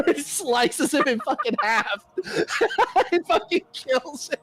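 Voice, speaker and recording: Male streamer, casual chat; high, very animated voice, cusses freely. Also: slow pace, slight background noise. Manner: animated retelling, swears constantly.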